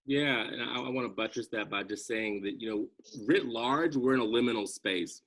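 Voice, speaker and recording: A man's voice: mid-range voice, normal speed, fairly bright tone. A man speaking earnestly as a guest on a video call, reflective and conversational, often checking in with "right?".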